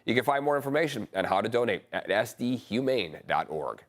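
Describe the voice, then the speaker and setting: A male morning news anchor with an American accent, reading stories in a measured, even way. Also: mid-range voice.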